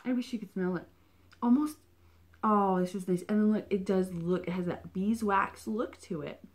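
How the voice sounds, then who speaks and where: Chatty excitable woman unboxing a subscription box. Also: mid-range voice, moderate pace, a little hiss or hum. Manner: chatty and excitable, gasps and whispers. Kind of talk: casual unboxing vlog.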